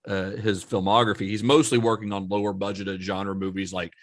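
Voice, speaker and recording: Male podcast host, casual storyteller, fillers galore, low-set voice, dry recording. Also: little pitch movement, a little fast, no room sound. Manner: rambling, filler-heavy, laughs often.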